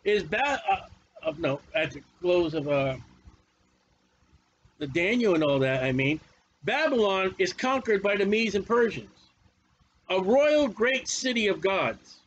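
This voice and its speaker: A man's voice: high voice, sing-song, unhurried, pauses often, lo-fi sound, a little hiss or hum. A male preacher teaching a Bible study sermon in a folksy, emphatic way, often repeating his phrases.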